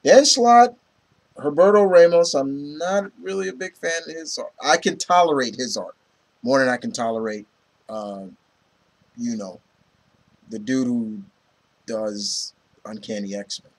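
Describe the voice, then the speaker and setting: A man's voice: medium pitch, unhurried, pauses often. A man casually reviewing comic books, rambling with many fillers and retelling scenes from the issues. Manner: rambling, lots of "you know" and "um"; retells scenes, quoting characters.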